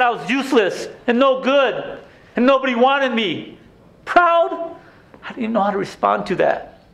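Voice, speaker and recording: An actor playing a haunted male inmate reliving his painful youth, telling it in a halting, emotional theatrical monologue with stammered restarts. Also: very high voice, vocal fry, fairly bright tone, exaggerated voice. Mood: bitter.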